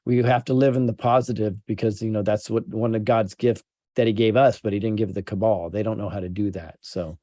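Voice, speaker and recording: A man's voice: fairly low pitch, fairly even intonation, a little fast, warm tone, dry recording, clean studio sound. A man hosting an interview, encouraging and affirming his guests. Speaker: host. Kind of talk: casual interview chat.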